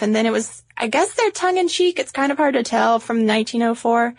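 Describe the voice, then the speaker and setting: A woman's voice: on the high side, expressive, fairly quick. A woman co-hosting a podcast in casual chat, chatty and teasing. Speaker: podcast co-host.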